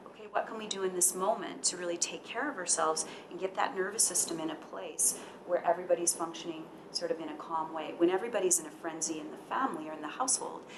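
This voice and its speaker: A woman who works as a school counselor, giving parents calm, measured advice. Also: fairly low pitch, background noise. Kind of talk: presenting at a parent talk.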